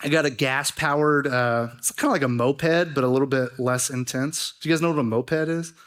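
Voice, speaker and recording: A young man preaching a youth sermon, telling stories in a joking, animated way with lots of fillers. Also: mid-range voice, brisk. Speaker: youth pastor. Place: church youth service.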